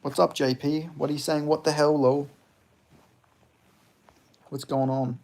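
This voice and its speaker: Young male streamer, gravelly fry, loose, laughing, swears freely. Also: on the high side, little pitch movement, measured pace, a little mellow. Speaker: livestream host reading chat. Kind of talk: casual stream chat.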